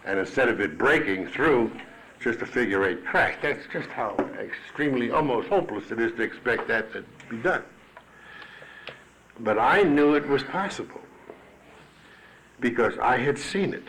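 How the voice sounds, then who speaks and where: A man's voice: medium pitch, lively intonation, normal speed, a bit bright, slight background noise, rough recording. A man telling his own story at a recovery meeting, blunt and salty-tongued. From Chicago. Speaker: AA speaker. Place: meeting hall at a podium. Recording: archival 1980s meeting tape.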